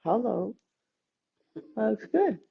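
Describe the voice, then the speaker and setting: A woman teaching a gentle yoga class, calmly cueing breaths and movements with playful asides. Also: a little high, drawn-out words, gravelly, husky, narrow, tinny audio. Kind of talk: guided yoga class instruction.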